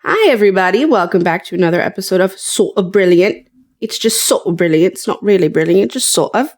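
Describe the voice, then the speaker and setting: A woman's voice: medium pitch, animated, a little fast, darkish tone, soft background music. A woman co-hosting a podcast in casual chat, talking in a chatty, rambling way with lots of filler words. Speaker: podcast co-host.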